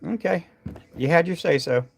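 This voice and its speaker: Gravelly-voiced man chatting on a live stream. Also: on the high side, normal speed. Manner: rambling, chatty, many fillers and restarts. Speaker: livestream host tying fishing jigs. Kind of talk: casual live-stream chat with viewers.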